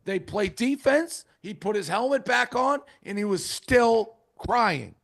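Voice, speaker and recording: A man's voice: high-pitched, lively intonation, slow, vocal fry, a bit bright. A man hosting a sports talk show, introducing callers with brash, sarcastic commentary. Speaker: host.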